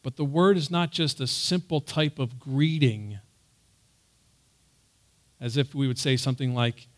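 Man, bible teacher, sermon style, earnest, slow, average pitch. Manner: earnest, loud on emphasized quotes.

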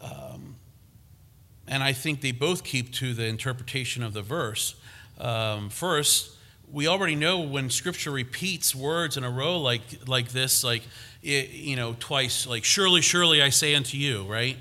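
Male preacher, very bright tone, emphatic teaching delivery with frequent restarts. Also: mid-range voice, unhurried. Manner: emphatic, repeats himself with restarts and fillers. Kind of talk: sermon.

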